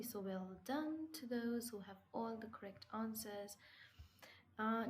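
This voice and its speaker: Through very noisy audio, a woman with a fairly high voice teaches English vocabulary. She explains slowly and patiently, asking and answering her own questions and stressing key words.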